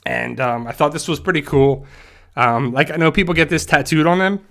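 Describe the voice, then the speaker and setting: A man hosting a casual livestream, talking haltingly with many fillers and restarts and growing emotional at times. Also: a little high, vocal fry, fairly bright tone. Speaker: YouTube channel host.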